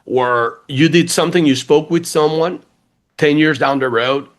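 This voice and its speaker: A man's voice: fairly high pitch, moderate pace. A man with a noticeable accent, talking as a guest on a business podcast. He is chatty and repeats words as he restarts his thoughts. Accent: funky accent, non-native. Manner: chatty, animated, many restarts. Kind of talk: casual interview chat.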